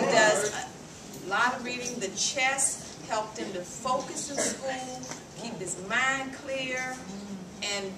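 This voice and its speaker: An older woman giving a short, halting, grateful testimonial at a meeting, speaking as a grandparent. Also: fairly high pitch. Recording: echoey hall, distant mic, loud background noise.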